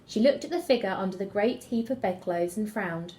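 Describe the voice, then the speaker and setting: A woman teacher reading a fairy tale aloud to children, with expressive storytelling. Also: mid-range voice, brisk. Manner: expressive storytelling, gasps and whispers.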